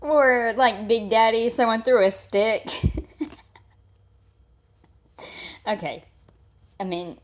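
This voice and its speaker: A woman's voice: fairly high pitch, very slow, long pauses. A woman streaming live and reacting to a clip with mocking, profane commentary, talking back at the person on screen.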